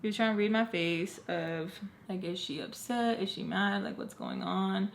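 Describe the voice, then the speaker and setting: A young adult woman vlogger chatting through a storytime, retelling events in an animated, casual way full of likes. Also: mid-range voice, normal speed, gravelly.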